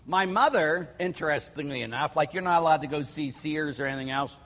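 A middle-aged priest from Pittsburgh preaching in a loose, storytelling way, his voice sitting a bit high for a man. He breaks into the voices of the people in his anecdotes. The sound rings with the long reverb of a big church. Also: brisk, a bit bright. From Pittsburgh, USA. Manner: storytelling, acts out voices, chatty with fillers. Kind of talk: conversational sermon.

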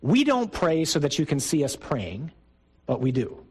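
A man's voice: on the high side, sing-song, moderate pace, darkish tone, breathy edge, low-quality recording. A middle-aged man, a priest, giving a conversational, emphatic talk to a group of men. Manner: conversational and emphatic, with rising bursts. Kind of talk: sermon talk to a men's group.

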